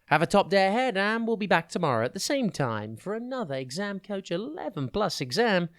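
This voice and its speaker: A podcast host teaching children a word a day, reading a scripted lesson that is upbeat and clearly spelled out. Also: medium pitch, very animated, brisk. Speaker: vocabulary tutor and podcast host.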